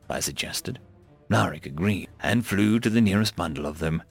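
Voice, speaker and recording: A man's voice: low-pitched, expressive, normal speed, vocal fry, slightly rough, soft background music. A man narrating an audiobook, telling the story steadily and voicing each character.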